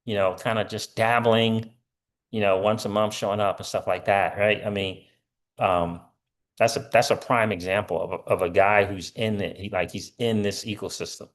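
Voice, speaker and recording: A man's voice: fairly low pitch, fairly even intonation, moderate pace. A middle-aged man hosting a casual crypto livestream, rambling with lots of fillers and answering viewer comments.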